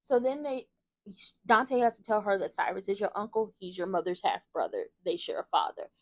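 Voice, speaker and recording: A woman recapping a soap opera episode in casual commentary, animated and sassy, talking straight to her viewers. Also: mid-range voice, moderate pace, no echo.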